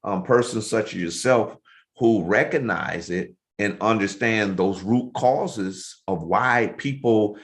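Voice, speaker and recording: A man's voice: lowish voice, slow. A man hosting a casual interview over a video call, affirming and conversational with his guest. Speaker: show host.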